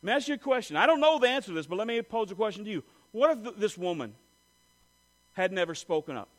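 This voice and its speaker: High-voiced man preaching with dramatic swings. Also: very animated, quick pace, poor audio. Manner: dynamic preaching, swinging from loud emphasis to hushed low lines; asks the listeners direct rhetorical questions. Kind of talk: sermon.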